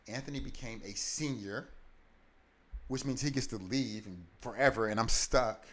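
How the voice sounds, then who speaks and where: A man telling his life story as an interview guest, animated and candid, acting out the people in it and restarting in quick bursts. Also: medium pitch. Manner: animated, acts out the people in his story with big swings in loudness; talks in quick bursts with many short restarts.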